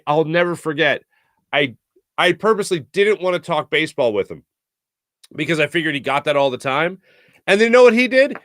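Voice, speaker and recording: A man's voice: a little high, a bit bright, no room sound, clean studio sound. A man hosting a sports talk show, telling stories in a chatty, self-mocking way. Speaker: podcast host. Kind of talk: casual monologue.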